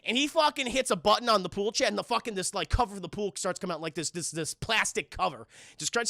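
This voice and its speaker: A man's voice: high voice, fairly quick, creaky, sharp tone, no echo. A man streaming a casual, profane, rambling film recap to his chat. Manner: profane, rambling, many fillers.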